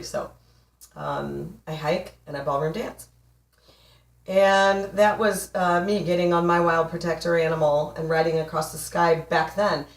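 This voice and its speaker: A relationship coach in her forties delivers an emphatic, playful motivational talk to camera, laughing often. Her voice sits on the low side and she's far from the mic, in a room with noticeable echo.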